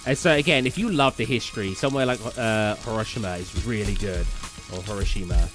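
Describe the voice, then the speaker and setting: A young British man with a lowish, brisk voice streams a game live over music. He chats casually and rambles, often tripping over words and stumbling on place names.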